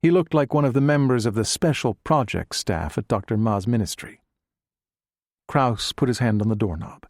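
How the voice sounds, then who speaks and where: A man's voice: mid-range voice, moderate pace, darkish tone, no room sound. Man narrating an audiobook, dry sound. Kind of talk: scripted narration.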